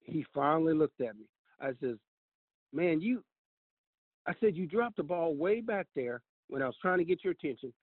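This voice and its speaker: A man with a high, lively voice tells a personal story in a casual, animated way, acting out each exchange and calling the listener "brother". He sounds like a caller, heard through a tinny, dry phone line. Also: moderate pace, no echo. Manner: animated, addresses the listener as "brother", acts out dialogue.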